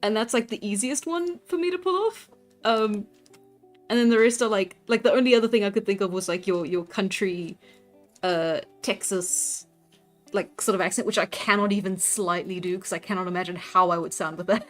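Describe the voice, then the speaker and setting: A woman's voice: mid-range voice, moderate pace. A young woman livestreaming while she draws, chatting casually with viewers and laughing often. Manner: giggly, chatty, frequent laughter and restarts. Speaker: livestreamer and artist. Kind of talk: casual live-stream chat while drawing. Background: faint background music.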